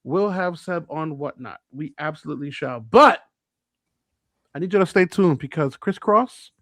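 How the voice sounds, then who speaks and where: A podcast co-host tells stories on a casual show, animatedly acting out what people said in changing voices and laughing a lot. His voice is fairly high and fairly bright, with lively intonation at normal speed, and the recording is dry.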